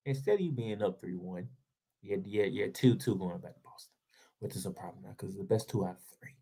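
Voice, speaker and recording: A man's voice: fairly low pitch, fairly quick, vocal fry, mellow, slightly rough. A man giving a heated solo basketball commentary, ranting and firing rhetorical questions at the team. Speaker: sports blogger.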